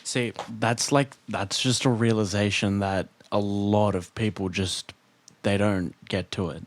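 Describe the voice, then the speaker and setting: A man's voice: on the low side, fairly even intonation, a little slow. A man co-hosting a casual podcast, easygoing and agreeable, often repeating words as he talks. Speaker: podcast co-host.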